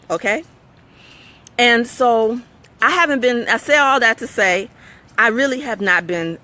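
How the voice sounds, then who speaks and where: Bright-voiced woman giving a motivational talk. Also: medium pitch. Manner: conversational, preachy, asks audience for agreement. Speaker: host. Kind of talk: live-streamed motivational talk.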